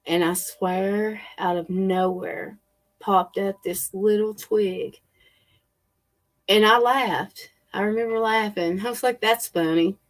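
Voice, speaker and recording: A woman telling a personal story in a slow, halting way with many fillers. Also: medium pitch, steady tone. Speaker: spiritual channel host. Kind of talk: casual storytelling.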